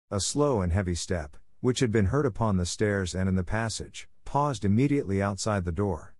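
A man with a fairly low-pitched voice narrates an audiobook in a measured, even storytelling style. The recording is clean studio sound with no echo.

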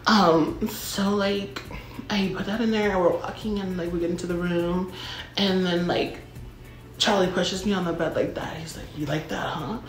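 A woman's voice: lowish voice, fairly even intonation, moderate pace, faint music behind. A young woman telling a casual storytime monologue, chatty and full of filler words and dramatic asides. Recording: roomy echo.

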